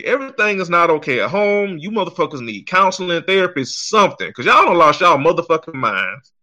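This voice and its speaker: A man on a podcast, venting in a heated, profane rant. His voice is bright, sits a bit high, and swoops all over as his exasperation builds. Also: very animated, fairly quick. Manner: heated, exasperated, swears heavily. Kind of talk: profane ranting commentary.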